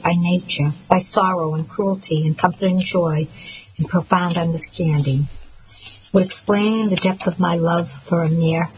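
Woman, audiobook narrator, low voice, measured first-person storytelling. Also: background noise.

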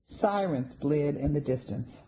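A woman reads a first-person story aloud in a steady, scripted manner. Her voice is low and mellow, with a calm storytelling pace. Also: unhurried, poor audio. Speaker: audiobook narrator.

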